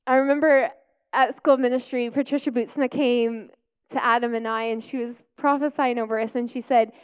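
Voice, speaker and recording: Animated woman pastor telling testimony. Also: a little high, normal speed, clean tone. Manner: animated storytelling, acting out quotes. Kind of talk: personal testimony sermon.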